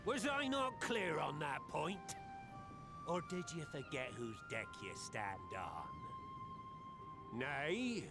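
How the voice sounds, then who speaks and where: A stern, weathered old pirate captain from a video game. He speaks slowly in old-fashioned pirate talk, his gravelly voice swinging widely in pitch. Game music plays clearly behind him. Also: big pitch swings, full character voice. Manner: old-fashioned pirate speech, booming lectures.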